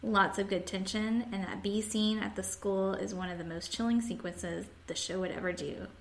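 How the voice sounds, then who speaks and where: A woman's voice: medium pitch, fairly even intonation, moderate pace, creaky. A woman hosting a podcast, casually chatting and reading listener comments aloud with frequent laughs. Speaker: podcast host.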